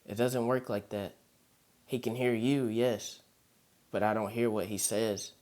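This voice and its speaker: A short woman medium, calm and somber, explaining things in a slow, measured way, as a man reads her part in his low voice. She speaks in a storybook horror reading. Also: natural voice.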